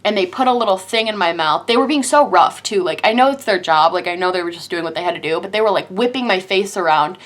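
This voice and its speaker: A woman's voice: mid-range voice, quick pace, hardly any pauses, fairly bright tone. Dramatic young woman telling a storytime. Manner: dramatic, breathless retelling, heavy use of "like". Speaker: vlogger. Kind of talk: storytime vlog.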